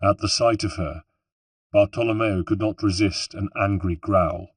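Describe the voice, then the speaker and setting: A man narrating an audiobook in a steady, measured way. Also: fairly low pitch, slightly rough, no echo, distant mic. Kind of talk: scripted narration.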